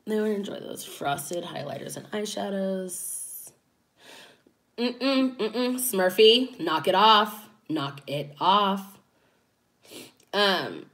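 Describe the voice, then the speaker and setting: Slow, animated woman doing casual commentary. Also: on the low side. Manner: animated, chatty, laughs often. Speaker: commentary YouTuber.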